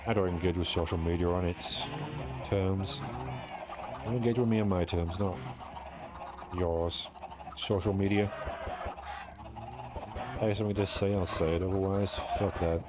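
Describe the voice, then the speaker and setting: A man's voice: deep voice, steady tone, moderate pace, long pauses, background noise. A young British man streaming a game, rambling casually in a self-mocking way and swearing now and then. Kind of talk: casual streaming chat while playing.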